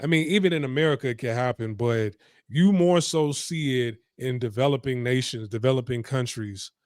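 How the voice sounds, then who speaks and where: Smooth-voiced man hosting a chat. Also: mid-range voice, moderate pace, darkish tone, no room sound, clean studio sound. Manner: conversational, emphatic, filler-heavy. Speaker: podcast host. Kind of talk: casual interview chat.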